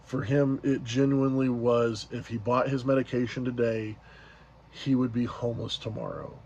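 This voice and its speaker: A man's voice: medium pitch, level tone, normal speed, a little mellow, highs cut off, a little hiss or hum. A man casually retelling an event as a vlogger, rambling along with many fillers and restarts. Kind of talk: casual storytelling recap.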